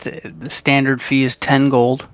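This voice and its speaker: A man's voice: medium pitch, little pitch movement, unhurried, dry recording, highs cut off. A man in a mid-range voice playing a tabletop game, talking in character, laid-back and matter-of-fact. The recording is very dry, with faint music behind. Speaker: player.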